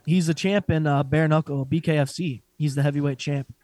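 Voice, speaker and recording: Animated, profane man, a bit high. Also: a little fast, dry recording. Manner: profane, animated, laughs often. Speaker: podcast co-host. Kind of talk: casual chat.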